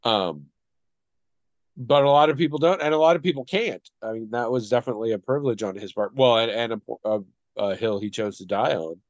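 A man's voice: mid-range voice, a little fast, no room sound, muffled recording. A man co-hosting a casual discussion, thoughtful and hesitant, often trailing off.

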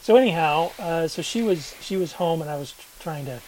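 A man's voice: fairly high pitch, lively intonation, moderate pace, a little mellow, a little hiss or hum, rough recording. A man co-hosting a podcast who chats casually and laughs often. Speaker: podcast co-host. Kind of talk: casual chat.

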